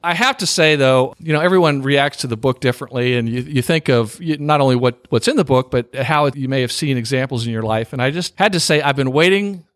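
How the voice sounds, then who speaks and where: A man of middling pitch hosts a podcast interview, chatty and easily amused. He laughs at himself often, and his voice sits close and dry with no room around it. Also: fairly quick, few pauses, no room sound. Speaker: podcast host. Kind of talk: casual interview chat.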